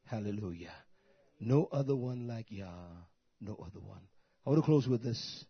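A man preaching a sermon in an emphatic style, repeating his phrases and moving between quiet talk and loud outbursts. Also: mid-range voice, animated, normal speed, creaky, breathy edge, no echo, highs cut off.

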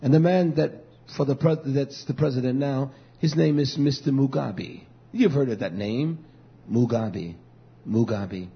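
A man preaching a fiery sermon, swinging between loud declarations and low, muttered asides. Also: normal speed, gravelly, hardly any pauses, husky. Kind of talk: fiery street-style sermon. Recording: dull lo-fi recording.

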